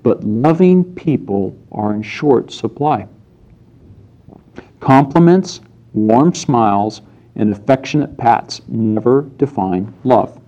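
A man's voice: mid-range voice, lively intonation, takes it slowly, dark tone, dull audio. Conversational male preacher. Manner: storytelling with acted-out quotes, conversational. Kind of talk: sermon.

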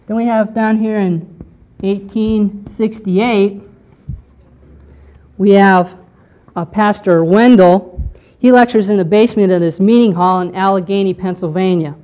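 A woman teaching a history lesson to a class, explaining step by step and often pausing to check in with "okay". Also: mid-range voice, fairly even intonation, warm tone, muffled recording. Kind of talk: lecture on church history.

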